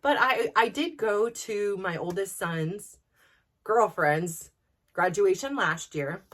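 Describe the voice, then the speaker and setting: Woman in her 40s, mid-pitch voice, chatty podcast storytelling, laughs a lot, keeps restarting sentences. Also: slow. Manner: animated, laughing, with frequent restarts. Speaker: podcast host. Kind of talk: casual personal storytelling.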